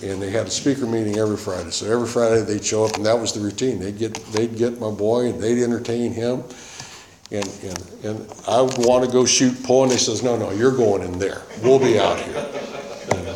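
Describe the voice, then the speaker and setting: A man's voice: fairly low pitch, steady tone, a little fast, crowd noise. A man giving a personal testimony in a loose, conversational way, circling back with "you know" and "man". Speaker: speaker sharing his recovery story. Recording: roomy echo with faint noise.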